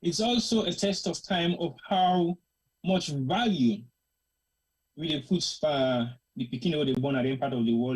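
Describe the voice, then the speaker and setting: A husky, mid-pitched voice with a Sierra Leonean, Krio-tinged English accent. This show host delivers an opinionated commentary monologue with real passion. The talk is emphatic and slips easily into Krio phrases. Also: darkish tone, low-quality recording. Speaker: host of a current-affairs discussion show.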